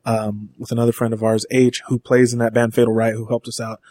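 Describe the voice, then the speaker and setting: A man's voice: mid-range voice, little pitch movement, fast, dark tone, dry recording. A man guest in a podcast studio, chatting casually and rambling with frequent restarts and casual swearing. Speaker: band member guest.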